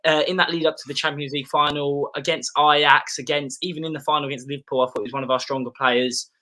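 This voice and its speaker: A man's voice: on the high side, steady tone, fast talker, pushed and bright. A young man co-hosting a casual livestream chat, effusive and gushing. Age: young adult. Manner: effusive, gushing about players. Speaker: co-host.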